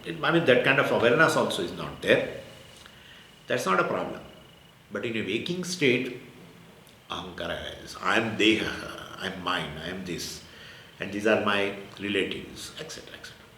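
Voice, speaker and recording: A man's voice: on the low side, animated, normal speed, pushed and bright. Indian man teaching in an echoey room. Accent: Indian English. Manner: explains in short repeated phrases, mixes Sanskrit terms, chuckles now and then. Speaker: Vedanta teacher. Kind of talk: spiritual discourse. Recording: echoey room with faint ambient noise.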